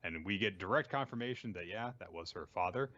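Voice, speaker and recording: A man hosting a casual podcast, recapping comics with a relaxed, chatty manner, lots of fillers and laughs. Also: low voice, brisk, muffled recording. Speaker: podcast host. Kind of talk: casual chat recapping manga.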